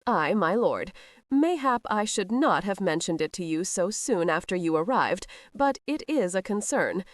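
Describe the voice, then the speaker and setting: A woman's voice: mid-range voice, animated, a little slow, dry recording, studio quality, lightly acted. A woman voicing a cowardly, fawning knight who keeps making excuses. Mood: evasive. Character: evasive cowardly middle-aged male steward knight.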